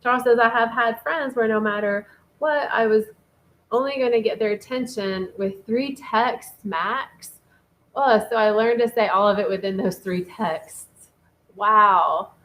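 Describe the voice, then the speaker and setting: A woman co-hosting a casual relationship talk show, chatty and animated, reading out listener comments. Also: medium pitch, a little slow, rough recording. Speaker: podcast co-host.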